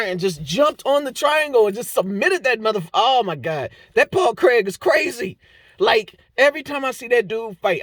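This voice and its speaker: A man with a high, slightly bright voice hosts an MMA fight breakdown, casually joking through the results on his own. He rambles and trips over fighters' names. The studio-quality recording has no echo.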